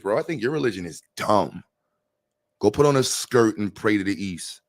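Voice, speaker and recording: A man's voice: fairly low pitch, expressive, moderate pace. A man hosting a casual live stream, talking in slang and reading chat messages aloud to answer them.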